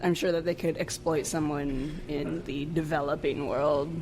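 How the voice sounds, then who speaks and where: A woman's voice: deep voice, steady tone, normal speed, over music. A woman co-hosting a podcast, trading sarcastic jokes and swearing freely in casual chat. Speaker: podcast co-host.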